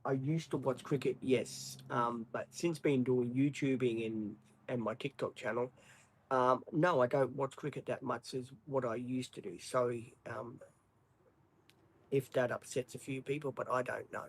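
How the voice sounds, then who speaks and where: Husky Australian man rambling on a livestream. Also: medium pitch, steady tone, normal speed, poor audio. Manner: rambling, apologetic, many ums. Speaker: livestream host. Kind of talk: casual live-stream chat.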